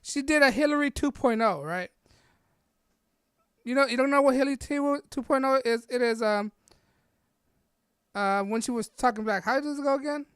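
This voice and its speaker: Combative woman podcast host, higher pitch, repeats points and tags them with "right?"; dry, close mic. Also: moderate pace, pauses often, clean tone, no echo. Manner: rambling, caps nearly every point with a questioning "right?" or "all right?"; blunt and combative, repeats herself. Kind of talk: opinionated political rant monologue.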